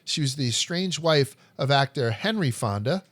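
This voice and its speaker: A man's voice: mid-range voice, animated, normal speed, fairly bright tone, no room sound. A man hosting a history podcast, telling stories in a blunt, profane, joking way. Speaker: podcast host. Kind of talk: casual history chat.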